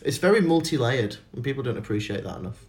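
A man hosts a casual podcast, rambling through stories and laughing at himself. His mid-pitched voice swings lively up and down as he talks. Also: quick pace. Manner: rambling, self-mocking, laughs a lot. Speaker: podcast host. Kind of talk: casual chat.

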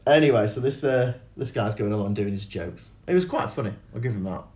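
A man telling stories in a casual chat, animated, swearing freely and acting out other people's voices. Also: lowish voice, fairly quick.

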